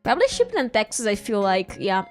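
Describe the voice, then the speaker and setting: A woman's voice: medium pitch, wildly swooping pitch, brisk, faint music behind. A woman streamer chatting casually, giggling often as she tells a rambling story with false starts.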